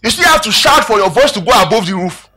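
A man preaching a sermon, animated and emphatic, calling out questions to his congregation. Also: sits high, fast, breathy edge. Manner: emphatic, animated preaching with rising and falling volume.

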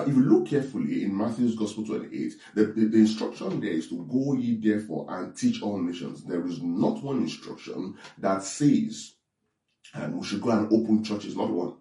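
A man's voice: on the low side, dark tone. A man preaching an online sermon, restarting and repeating words and often checking in with listeners. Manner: repetitive, keeps asking "right?". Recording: echoey room, distant mic.

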